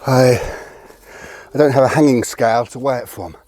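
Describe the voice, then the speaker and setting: A man's voice: mid-range voice, moderate pace, darkish tone, no echo. A man explaining punching technique in a conversational, self-correcting way, a little out of breath. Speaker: martial arts instructor. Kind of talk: explanatory video lesson. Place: outdoors near a tree.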